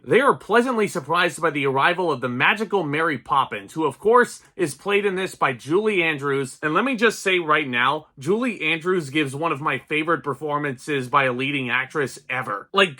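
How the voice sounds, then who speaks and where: A man reviewing an old movie in an excited, gushing way, laughing at himself now and then. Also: fairly high pitch. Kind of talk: enthusiastic film review talk.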